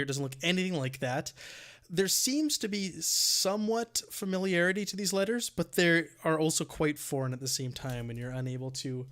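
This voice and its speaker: A man with a slightly high voice narrates as dungeon master, describing dungeon halls and magic to his players. He talks in a halting way and restarts his sentences often. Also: a bit bright. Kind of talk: narrating a tabletop game.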